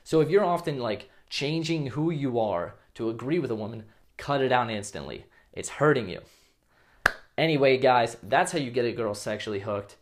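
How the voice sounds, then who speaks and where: A man's voice: medium pitch, lively intonation, normal speed. A man talks straight to the camera in a casual advice video. He is blunt and coarse at times, and slips into acted example lines as he explains. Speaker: dating coach.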